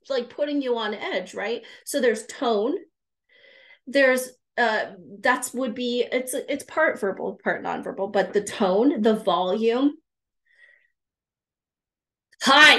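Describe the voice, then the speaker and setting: An earnest woman with a fairly high voice, talking live to her viewers. She repeats key words for emphasis and stops mid-thought to greet viewers. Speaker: grief recovery specialist. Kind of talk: live-streamed talk to viewers.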